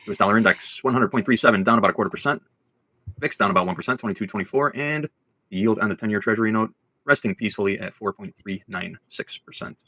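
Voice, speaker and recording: A man's voice: on the low side, quick pace, pushed and bright, no echo. A man with a Chicago accent hosting a live trading stream, reading market numbers and joking with co-hosts.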